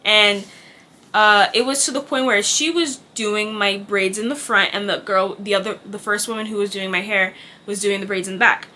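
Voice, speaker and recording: Bright chatty young woman telling a story. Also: medium pitch, steady tone, moderate pace. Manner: candid and chatty, swears, acts out quoted dialogue. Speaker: vlogger. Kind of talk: casual storytime.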